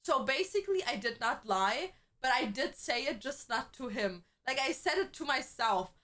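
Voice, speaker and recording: A young woman streamer in casual chat, chatty and quick to laugh, swearing freely as she tells stories. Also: sits high, lively intonation, fairly bright tone.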